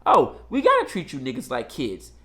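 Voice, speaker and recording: A man's voice: mid-range voice, huge pitch swings, moderate pace, pushed and bright, exaggerated voice. A man putting on a sneering, condescending voice to mock a scornful white man.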